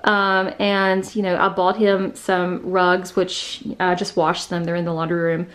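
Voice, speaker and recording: A woman's voice: fairly low pitch, little pitch movement, measured pace, fairly bright tone. A woman vlogger walking through her new house, chatting casually with many fillers and a little out of breath. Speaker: vlogger giving a house tour. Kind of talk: casual house tour narration. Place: indoors, a house.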